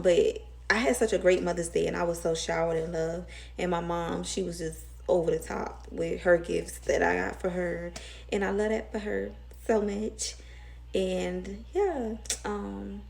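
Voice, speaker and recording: A woman's voice: on the low side, gravelly, darkish tone. A young woman with a Southern US accent, rambling emotionally in a casual storytime vlog. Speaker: vlogger.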